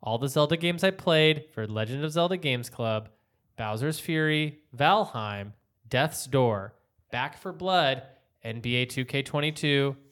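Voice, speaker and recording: A man's voice: medium pitch, unhurried, fairly bright tone. A man hosting a casual group podcast chat, often laughing. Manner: laughs a lot, reads lists. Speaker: podcast host.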